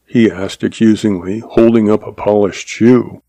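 A man reading a Western novel aloud as narrator in an even, unhurried way. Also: fairly low pitch, creaky, no echo. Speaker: audiobook narrator.

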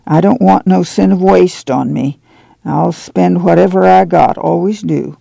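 A man reads as a weary farmer weighed down by guilt, his words coming in a sad, slow drawl. The voice is deeply gravelly and dark in tone, recorded dry and close. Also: steady tone, dry recording, exaggerated voice. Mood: sorrowful. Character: remorseful weary middle-aged farmer man.

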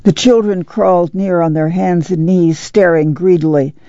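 A reader narrating a novel in a steady, even, gravelly voice. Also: medium pitch, moderate pace, no room sound. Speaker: audiobook reader. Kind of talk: scripted narration. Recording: muffled, dry.

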